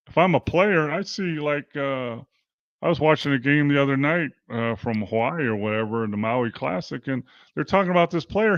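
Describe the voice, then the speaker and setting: A man's voice: fairly low pitch, no room sound, highs cut off. An older man, a basketball coach and former pro player, talking in a casual interview and acting out quotes as he tells stories. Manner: animated storytelling, acts out quotes.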